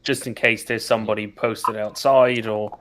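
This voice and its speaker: A man's voice: on the low side, flat delivery, normal speed, a bit bright, slight background noise. A man playing a tabletop game, asking hesitant questions. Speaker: player. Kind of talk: casual game talk.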